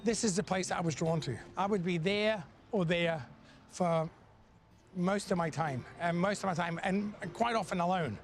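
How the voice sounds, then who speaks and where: High-voiced man telling stories. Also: normal speed, soft background music. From Australia. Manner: animated, blunt, swears freely. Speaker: interviewee. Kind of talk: casual storytelling.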